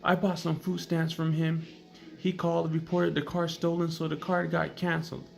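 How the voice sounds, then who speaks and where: A man's voice: high-pitched, steady tone, normal speed, creaky, a bit bright, faint music behind, voice pushed up. Man doing his indignant cheated uncle. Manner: indignant, complaining.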